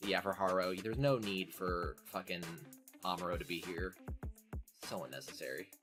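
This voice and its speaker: A man's voice: sits low, moderate pace, over music. A man with a nasal voice hosting a casual podcast, recapping an episode in a profane, sardonic way. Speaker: podcast host.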